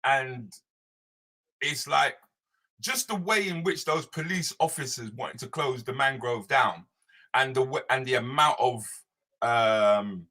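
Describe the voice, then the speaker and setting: A man hosting a live stream as a comedian, chatting loosely and greeting viewers by name. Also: medium pitch. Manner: animated, loose, slangy, talks straight to viewers by name.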